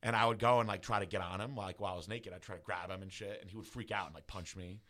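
A man's voice: lowish voice, steady tone, racing, a bit bright. A middle-aged man telling a personal story in casual, rambling podcast talk, full of "like" and swearing. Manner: rambling, heavy use of "like", profane.

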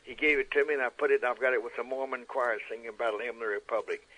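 A man in his nineties telling stories as an interview guest, animated and acting out quotes. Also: medium pitch, racing, rough recording. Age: 90s. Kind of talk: storytelling interview.

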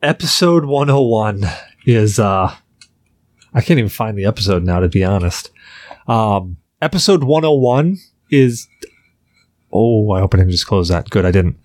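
A man's voice: fairly low pitch, expressive, moderate pace, pauses often, darkish tone, no echo, studio quality. A man hosting a podcast, chatting casually and telling jokey stories. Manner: loose, joking, storytelling. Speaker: podcast host.

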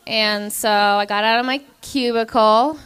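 A woman telling a comedic story at a live show, animated and laughing through her lines. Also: fairly high pitch, measured pace, smooth.

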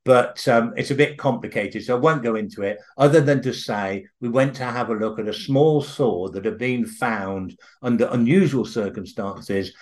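An older man, a guest author telling a story in an interview, halting at times with restarts, then eager and animated. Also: medium pitch.

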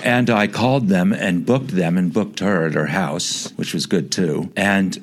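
A man's voice: low-pitched, a little slow, a little hiss or hum. A man telling a rambling story as a guest in a casual interview, full of asides and fillers.

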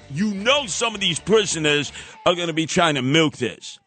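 A man hosts talk radio in a sarcastic ranting style, slipping into mocking sing-song asides. His voice sits a bit high and sounds bright and forceful, with faint music underneath. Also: animated, moderate pace.

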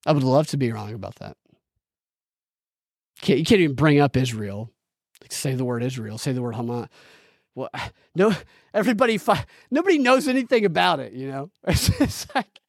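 A man's voice: on the high side, no echo, studio quality. Heated, profane man ranting on a podcast. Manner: profane, heated, rambling with restarts and laughs. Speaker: podcast host. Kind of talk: live-streamed political commentary rant.

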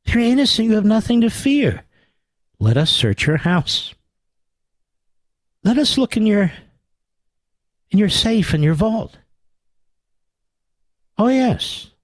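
A man's voice: high-pitched, very animated, slow, pauses often, dry recording, studio quality, pitched above the performer's own voice, heavily acted. A man putting on a sneering German-accented official. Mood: menacing. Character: menacing male German-accented official, mocking.

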